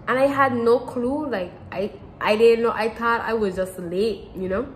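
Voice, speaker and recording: A woman's voice: on the high side, normal speed, slight background noise, poor audio. A teenage girl telling a personal story to camera in casual chat, rambling and repeating herself with lots of fillers. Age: teens. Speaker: vlogger.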